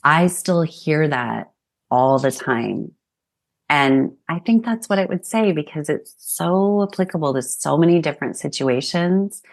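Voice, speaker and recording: A middle-aged woman speaking as a podcast guest, her voice low and unhurried with a gravelly edge of vocal fry. She tells personal stories in a reflective way and stops to think as she answers. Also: lively intonation. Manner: reflective, warm storytelling. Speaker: guest therapist. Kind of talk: podcast interview conversation.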